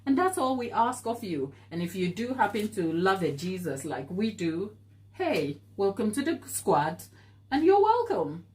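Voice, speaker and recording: A woman's voice: medium pitch, big pitch swings, unhurried, a little mellow. A woman hosting a live baking stream, talking earnestly and encouragingly as she answers viewer comments, laughing easily. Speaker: baking show host.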